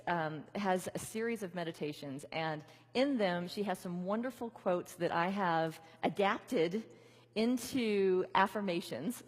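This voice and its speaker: A woman minister giving a conversational sermon, leading her congregation in repeated affirmations. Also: lowish voice. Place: large church venue. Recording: reverberant hall.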